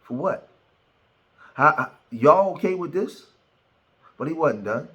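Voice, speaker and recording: A male commentator speaking with indignation, often restarting and pausing with fillers. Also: a little high, expressive, fairly bright tone, lo-fi sound. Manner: indignant, stumbling over words, with frequent fillers.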